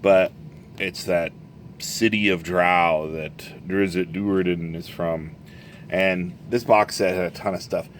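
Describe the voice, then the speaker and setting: Deep-voiced man rambling about old game books. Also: steady tone, slow, slight background noise. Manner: rambling, self-correcting, chuckling storyteller. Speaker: game master reviewing a box set. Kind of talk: casual show-and-tell chat.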